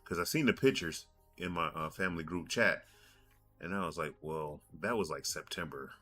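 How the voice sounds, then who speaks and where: Deep-voiced man rambling on a podcast. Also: normal speed, bright, forceful tone, soft background music. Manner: rambling storytelling, restarts and repeats. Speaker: podcast host. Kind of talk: casual podcast monologue.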